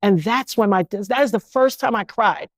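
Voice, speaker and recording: A middle-aged woman from New York, an interview guest telling her own story in an animated, indignant way and slipping into other people's voices. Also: medium pitch, moderate pace, dry recording. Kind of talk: emotional first-person storytelling.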